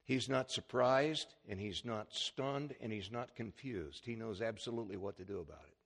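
A man's voice: fairly low pitch, normal speed, a bit bright, husky. A middle-aged man preaching a sermon as pastor, telling anecdotes and acting out the voices in them. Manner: storytelling preacher, acts out voices in his anecdotes.

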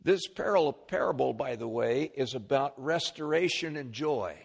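A male pastor preaching a sermon, animated, with restarts and repeated words and side remarks to the congregation. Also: medium pitch, moderate pace, creaky.

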